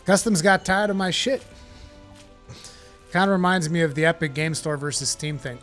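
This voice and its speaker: A man's voice: a little high, fairly even intonation, moderate pace, pauses often, fairly bright tone, faint music behind. A man streaming a game, chatting casually and rambling with plenty of swearing. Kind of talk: casual live-stream chat.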